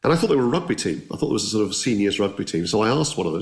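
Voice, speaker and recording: A man's voice: on the low side, sing-song, rapid-fire. A man telling anecdotes as an interview guest, enthusiastic and conversational, often restarting his sentences. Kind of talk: anecdotal storytelling.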